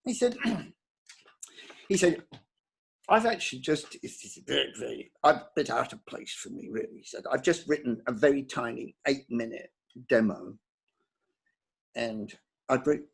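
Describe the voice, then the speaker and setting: Older man with a husky voice. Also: medium pitch. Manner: halting, restarts words often, lively storytelling. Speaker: composer, interview guest. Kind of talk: anecdotal career interview.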